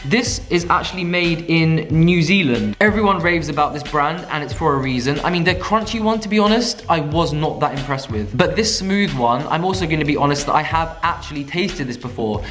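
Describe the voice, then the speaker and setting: Young male food vlogger, slightly raised pitch, chatty and upbeat, faint music behind. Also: lively intonation, brisk, few pauses, a bit bright. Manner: chatty, enthusiastic, self-mocking. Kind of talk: casual chat to camera.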